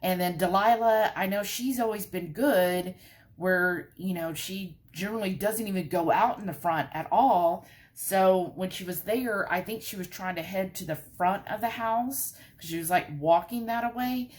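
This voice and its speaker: A woman's voice: mid-range voice, moderate pace. A woman, casually telling a story to her vlog viewers and filling it with asides. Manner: animated, breathless storytelling with many asides. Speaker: vlogger.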